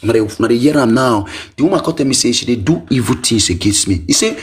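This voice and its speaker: A man's voice: quick pace, hardly any pauses, slight background noise. A man with a Nigerian Pidgin accent, telling his own life story in an emotional, repetitive way. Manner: animated, pitch swinging high and low, repetitive.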